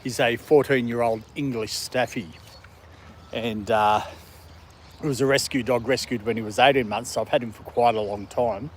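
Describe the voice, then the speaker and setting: A man from a country town with an Australian accent, hosting a casual outdoor livestream with his dog. He talks in a relaxed, rambling way and chuckles often. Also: medium pitch, moderate pace, a little hiss or hum. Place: outdoors in a city park in the evening.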